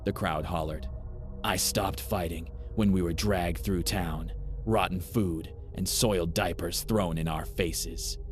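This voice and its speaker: Deep voiced guy reading a horror story, grave and measured, faint music behind. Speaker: narrator. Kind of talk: scripted horror narration.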